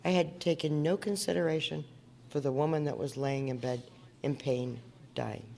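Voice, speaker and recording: A woman's voice: low-pitched, steady tone, moderate pace, vocal fry, darkish tone, slight background noise. A woman from Indiana speaking at a recovery meeting, telling her story in an earnest, conversational way and asking the audience questions. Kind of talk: personal recovery talk at a meeting. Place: meeting hall before an audience.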